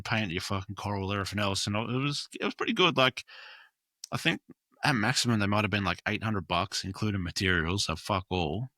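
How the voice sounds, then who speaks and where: A man's voice: lowish voice, sharp tone, no room sound. A man, a mural artist chatting casually and rambling with fillers and swearing. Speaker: graffiti and mural artist, guest. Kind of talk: casual chat.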